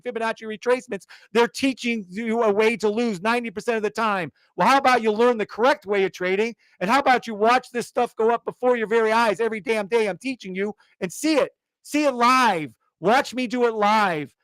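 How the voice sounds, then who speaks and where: Fired-up man ranting, high voice. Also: no room sound. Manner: insistent, fired-up, repetitive, swears. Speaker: trading course seller. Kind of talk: live-stream sales rant.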